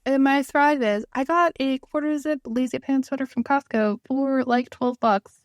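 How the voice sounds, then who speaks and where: A young woman with a fairly high voice chats easily on a podcast. She asks her co-host questions and then tells her own side, all close and dry. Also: normal speed, no room sound. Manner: easygoing, asks interviewer-style questions. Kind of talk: casual chat.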